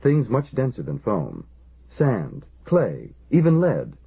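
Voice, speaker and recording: A man voicing a crisp, precise male ministry official explaining technical plans. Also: mid-range voice, huge pitch swings, slow pace, pitched above the performer's own voice, heavily acted. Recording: lo-fi phone-like audio.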